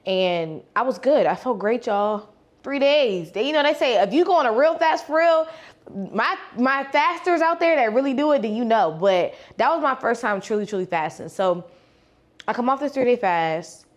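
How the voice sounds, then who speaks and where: Animated young woman sharing a testimony. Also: on the high side, moderate pace. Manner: animated, acts out quoted dialogue, casual slang. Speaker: faith vlogger and life coach. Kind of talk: personal testimony storytelling.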